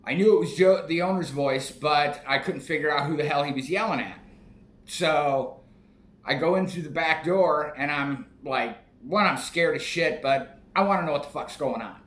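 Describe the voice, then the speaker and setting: Guy in his 40s rambling thru a story, swears a lot, slightly high voice, echoey room w faint hiss. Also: fairly bright tone. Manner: profane, rambling, with frequent restarts. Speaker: podcast host. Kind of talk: casual storytelling.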